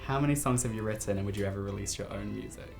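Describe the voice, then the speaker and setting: A British woman interviewing a guest, reading brisk, upbeat questions. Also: extremely low pitch, vocal fry, a little mellow, faint music behind.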